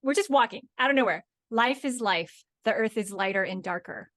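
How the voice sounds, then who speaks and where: A woman in her thirties co-hosting a casual podcast, telling expressive stories about her young son. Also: a little high, normal speed, dry recording, clean studio sound. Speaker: podcast co-host. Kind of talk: casual chat.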